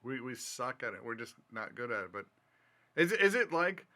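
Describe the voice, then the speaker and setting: A man co-hosting a podcast in casual chat, animated and joking with quick asides. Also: medium pitch. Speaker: podcast co-host.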